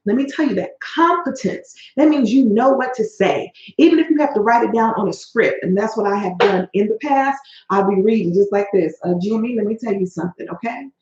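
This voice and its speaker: A woman's voice: fairly high pitch, expressive, brisk, darkish tone. A woman hosting a motivational coaching video, speaking emphatically and in a folksy way that addresses listeners as honey and baby. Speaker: host and life coach. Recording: roomy, dull lo-fi sound.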